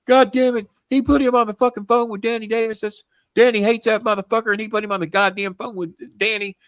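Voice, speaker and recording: A man doing a livid middle-aged boss barking down the phone, voice jumped way up high and cutting, swearing in a loud rant, hurling every order with heat, with the close dry sound of a studio mic. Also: steady tone, racing, no echo. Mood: furious. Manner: profane screaming rant. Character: furious middle-aged male wrestling boss yelling on phone.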